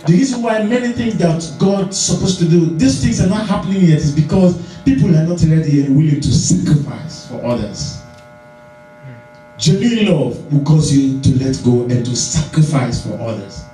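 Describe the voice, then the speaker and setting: Man preaching, high voice, mellow tone, very echoey church hall, soft music. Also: normal speed, recorded from a distance. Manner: animated, acts out voices, repeats phrases. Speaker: pastor. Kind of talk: sermon.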